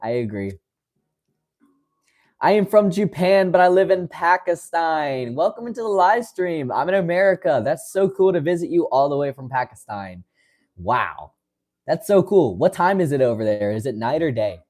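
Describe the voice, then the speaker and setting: A man in his twenties from West Virginia, casually reading and answering viewer comments on his livestream, friendly and quick to laugh. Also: mid-range voice, sing-song, darkish tone. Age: 20s. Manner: friendly, calls viewers brother, laughs often. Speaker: livestream host.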